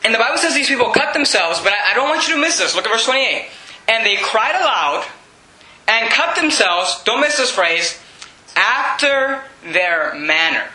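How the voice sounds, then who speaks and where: A man preaching a sermon, reading scripture and mocking false worship with shouted impressions and laughs. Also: extremely high pitch, very animated, fairly quick, reverberant, rough recording. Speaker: pastor.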